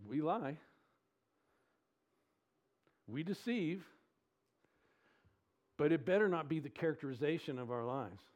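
A man preaching a sermon with emphatic delivery, asking the congregation questions and swinging between loud stresses and quiet lows. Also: expressive, normal speed. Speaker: pastor.

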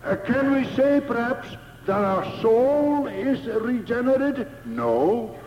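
Male preacher, high voice, deliberate sermon delivery, dull lo-fi sound. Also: animated, slight background noise. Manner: slow, emphatic, repeats key phrases. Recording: echoey hall, dull lo-fi sound.

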